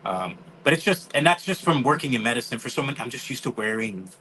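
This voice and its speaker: A man's voice: mid-range voice, animated, quick pace, sharp tone, slight background noise, rough recording. A man, telling stories in casual chat, acting out quotes and swearing freely. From New York. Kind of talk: casual storytelling.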